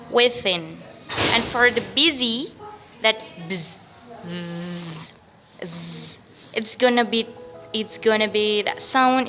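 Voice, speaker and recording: Slow, bright-voiced woman teaching pronunciation. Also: a little high, big-room sound, poor audio. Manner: slow, repeats words and sounds for drilling. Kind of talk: pronunciation lesson with drills.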